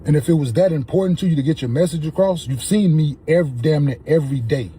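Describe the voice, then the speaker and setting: A man, a podcast co-host, speaking calmly and deliberately and repeating phrases to make his point. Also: fairly high pitch, a little hiss or hum. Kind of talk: calm, measured on-camera statement.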